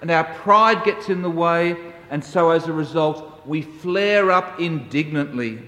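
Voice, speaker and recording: A man preaches a sermon at an unhurried pace, his fairly high voice telling stories in a measured way. The sound rings with long reverb, as if from a large hall heard at some distance. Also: sharp tone. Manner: slow, measured storytelling. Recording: echoey hall, distant mic.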